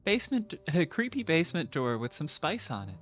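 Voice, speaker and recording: A woman's voice: low-pitched, very animated, fairly quick, faint music behind. Playful woman reading game text. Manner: playful, jokey, mock-dramatic asides. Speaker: streamer playing a video game.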